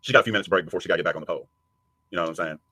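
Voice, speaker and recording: A man's voice: sits low, very fast, sharp tone, slightly rough. A man hosting a livestream, taunting and cursing in heated commentary aimed at a rival. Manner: taunting, profane, mocking. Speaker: livestream host.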